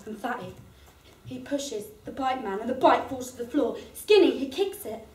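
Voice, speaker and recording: A woman's voice: high-pitched, animated, moderate pace, darkish tone, echoey room. An actress playing a chatty working-class woman, in a one-woman stage monologue. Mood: gossipy. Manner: gossipy, laughing storyteller. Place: theatre performance space.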